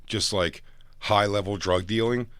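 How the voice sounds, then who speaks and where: Deep-voiced man trading crude jokes. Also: fairly even intonation, fairly bright tone, smooth, dry recording. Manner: crude, joking, quick banter. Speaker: podcast co-host. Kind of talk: casual chat, storytelling.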